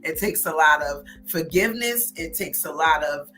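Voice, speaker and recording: A woman's voice: deep voice, lively intonation, moderate pace, a bit bright, faint music behind. A woman hosting an interview, giving preachy motivational advice about faith and marriage. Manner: preachy, motivational, speaks of God and manifesting. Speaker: host. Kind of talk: casual talk show, encouraging.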